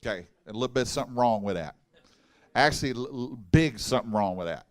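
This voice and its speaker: A man preaching a sermon in a church, folksy and animated, mixing humor and asides with the congregation. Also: medium pitch, quick pace. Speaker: pastor. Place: church hall.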